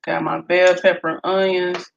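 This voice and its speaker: A woman, chatting in a casual cooking vlog and telling lively stories while she cooks in her home kitchen. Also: on the low side, moderate pace, gravelly, highs cut off. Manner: storytelling, animated, laughs often. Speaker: home cook vlogger. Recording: echoey room with faint noise.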